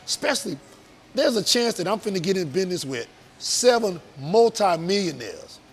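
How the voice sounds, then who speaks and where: High-voiced man, earnest and emphatic. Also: sing-song, moderate pace, slight background noise. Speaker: business owner guest. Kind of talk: casual interview talk.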